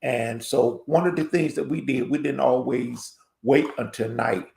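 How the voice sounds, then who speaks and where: A man's voice: mid-range voice, measured pace, gravelly, darkish tone. A man on a live panel telling a personal story in a casual way. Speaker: panel guest. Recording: echoey room.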